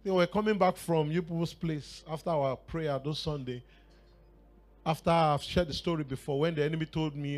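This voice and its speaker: A man with a Nigerian accent preaching a sermon in church, telling a personal story with laughter and shouted exclamations. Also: on the high side, moderate pace.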